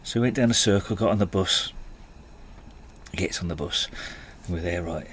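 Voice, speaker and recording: A man's voice: deep voice, normal speed, fairly bright tone, slight background noise. A man, telling stories in a rambling, self-deprecating way and chuckling often. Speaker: podcast host. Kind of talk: casual storytelling monologue.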